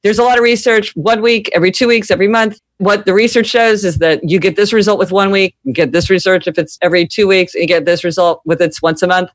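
A woman's voice: mid-range voice, quick pace, few pauses, no room sound. Articulate woman expert on a podcast, springs into quoted voices; dry, close mic. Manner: articulate, acts out quoted people in lively voices. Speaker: author and guest expert. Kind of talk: podcast interview, explaining.

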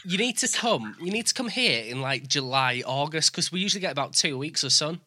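Bright, lively Northern English host. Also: mid-range voice, brisk. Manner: eager, stumbles and restarts. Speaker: podcast host. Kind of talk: casual interview chat.

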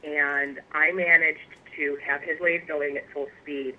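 A woman guest telling stories in a casual interview, animated and laughing often. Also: low voice, a little slow. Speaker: guest, pipe maker. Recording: tinny phone line.

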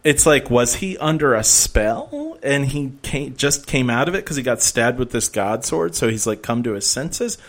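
A man's voice: mid-range voice, very animated, normal speed, hardly any pauses. Man co-host, rambling, sarcastic, laughs a lot, casual chat. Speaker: podcast co-host.

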